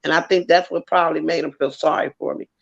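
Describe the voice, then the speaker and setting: A woman tells a story in relaxed, casual chat, her voice gravelly with fry. She talks in an animated way and swears freely, and the audio sounds dull and lo-fi. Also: low voice, quick pace. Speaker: co-host.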